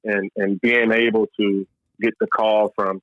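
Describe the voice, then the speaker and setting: A former pro baseball player from Louisville, Kentucky, tells his story in a casual interview, speaking a little slowly in a fairly low voice. He's animated, says "man" constantly, and often restarts sentences. The sound is dull, lo-fi, and dry with no echo.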